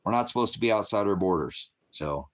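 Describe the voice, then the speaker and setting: Low-voiced guy ranting on a livestream, swears nonstop, gets loud and angry. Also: lively intonation, brisk. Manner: angry, profane, shouting outbursts. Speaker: livestream host.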